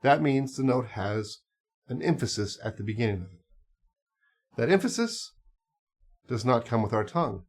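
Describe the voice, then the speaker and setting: A man's voice: mid-range voice, fairly quick, slightly rough, faint music behind. A man teaching clarinet, talking casually and explaining step by step with small asides and fillers. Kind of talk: casual instructional talk.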